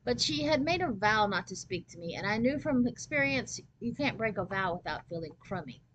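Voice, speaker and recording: A woman reading a children's chapter book aloud as a storyteller, with lively first-person narration. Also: medium pitch, a little fast, a little hiss or hum, low-quality recording.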